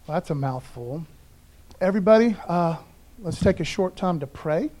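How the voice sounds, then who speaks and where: High-voiced casual preaching man. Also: expressive, normal speed, mellow. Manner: casual, conversational preaching with frequent "okay, guys"; reads scripture and stumbles on names. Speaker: pastor. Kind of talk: streamed Sunday sermon.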